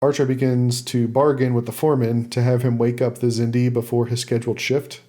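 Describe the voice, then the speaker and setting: A man with a mellow, darker voice talks through an episode recap in relaxed podcast chat. He leans on fillers like "uh" and laughs easily as he goes. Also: medium pitch, fairly quick. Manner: recaps plot loosely with many fillers and laughs. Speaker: podcast host summarizing an episode.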